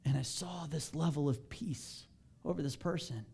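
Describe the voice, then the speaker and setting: A male pastor preaching a sermon in a casual, animated way, pushing his voice up when he stresses a point. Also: fairly high pitch, normal speed, creaky, husky.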